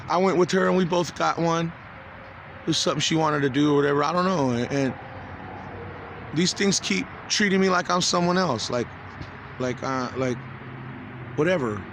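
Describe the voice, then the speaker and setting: A man in his forties talking to camera in a rambling, agitated, profane video monologue, halting and restarting often. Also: on the high side, background noise. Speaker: vlogger.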